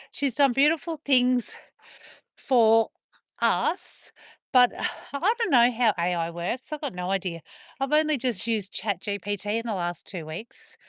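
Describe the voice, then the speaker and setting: A woman chatting with viewers on a livestream while playing with her dogs, slipping into high sing-song praise for them. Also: fairly bright tone, no room sound, clean studio sound. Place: outdoors on a rural property with dogs.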